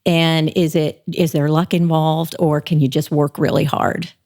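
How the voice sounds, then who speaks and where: Reflective female stage director with a low voice. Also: flat delivery, measured pace, darkish tone. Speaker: theater director. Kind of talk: interview guest.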